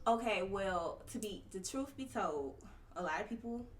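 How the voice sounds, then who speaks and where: A woman's voice: medium pitch, animated, moderate pace, far from the mic, a little hiss or hum. A woman speaking as a podcast guest on tantric sex, explaining with conviction and loose slang in casual conversation. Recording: roomy, a little off-mic.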